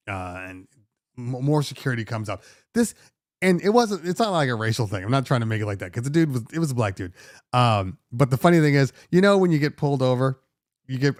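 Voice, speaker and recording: A middle-aged man, host of a DJ podcast, spins a casual story in an animated, fed-up way and swears freely. His voice sits at a medium pitch, and the recording is dry with no room echo.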